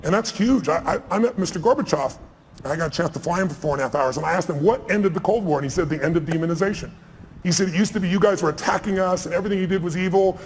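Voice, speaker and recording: A man telling stories to a live audience at a rapid clip, with a slightly high voice. He leans hard into each point and acts out the quotes. The sound carries a long hall reverb and faint room ambience. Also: a little hiss or hum. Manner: fast, emphatic storyteller, acting out quotes. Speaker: speaker on stage. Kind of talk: stage conversation, storytelling. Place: large event hall with audience.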